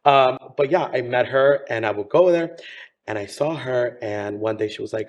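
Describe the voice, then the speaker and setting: A man's voice: mid-range voice, animated, normal speed. A man in his thirties, a drag performer from Miami, chatting campily in an interview and calling people honey. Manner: campy, chatty, says honey. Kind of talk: casual interview chat.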